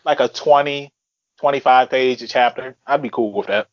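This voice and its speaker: A man with a mid-range voice chats on a podcast in an easy, laid-back way, full of casual fillers. The sound is dry and close, a little dull in the highs. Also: moderate pace, dry recording. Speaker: podcast panelist. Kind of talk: casual chat.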